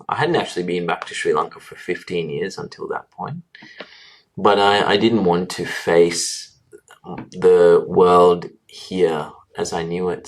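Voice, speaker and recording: A man, a doctor, answering interview questions in an earnest, reflective way, often restarting his sentences. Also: deep voice. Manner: earnest, halting with restarts and fillers. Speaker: guest, doctor.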